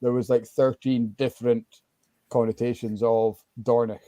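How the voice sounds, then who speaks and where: A Scottish man hosting a relaxed, chatty conversation on a video call. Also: mid-range voice, moderate pace, a loud crowd. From Scotland. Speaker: host. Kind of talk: casual chat.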